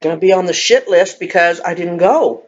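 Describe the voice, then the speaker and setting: A woman's voice: lowish voice, normal speed, highs cut off. A woman, chatting casually and emotionally in a rambling, confiding vlog while eating. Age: 50s. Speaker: vlogger.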